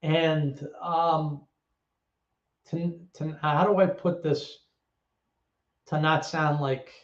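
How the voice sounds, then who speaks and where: A man's voice: fairly high pitch, little pitch movement, extremely slow. Man with a New York accent, rambling storyteller. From the Bronx, New York. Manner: rambling, profane, many restarts and fillers. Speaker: guest. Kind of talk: casual personal storytelling. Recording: roomy, dull lo-fi sound.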